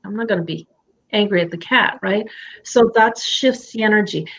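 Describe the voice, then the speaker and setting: A woman's voice: mid-range voice, normal speed, a bit bright. A woman coaching a client in a live session from her home office, talking expressively and acting out quoted thoughts in other voices. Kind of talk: candid coaching conversation.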